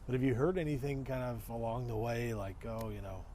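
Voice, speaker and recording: A man hosting an interview, asking halting questions and reacting with short amazed remarks. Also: mid-range voice, mellow, slight background noise. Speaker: interview host. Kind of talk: casual interview.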